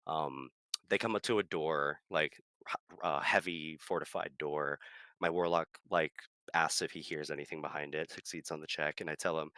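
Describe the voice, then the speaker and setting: A man, a streamer and dungeon master chatting casually, animated, full of fillers and cursing freely. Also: very deep voice, moderate pace, no echo. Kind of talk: casual chat.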